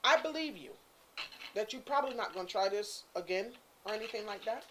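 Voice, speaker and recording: Animated woman telling a story. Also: mid-range voice, a little fast, noisy background. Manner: animated, acts out quotes, Caribbean-inflected English. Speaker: guest storyteller. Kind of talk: casual storytelling chat.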